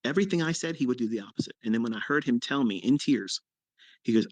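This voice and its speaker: A middle-aged man talking casually as a mentor, blunt and foul-mouthed, his voice jumping up sharply for emphasis. The sound is dry and close, with no room echo, and his voice sits at an ordinary pitch. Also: expressive, fast, a little mellow. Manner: blunt and profane, with sudden emphatic jumps in pitch. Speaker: trading mentor. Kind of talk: casual storytelling on a live audio chat.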